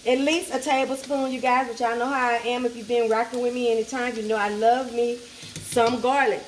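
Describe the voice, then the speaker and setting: A woman's voice: a little high, a little hiss or hum. A woman, hosting a casual cooking tutorial at home and chatting playfully as she cooks. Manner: chatty, playful, sassy asides, talks to the food. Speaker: cooking channel host. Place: home kitchen at the stove. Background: food sizzling in a skillet.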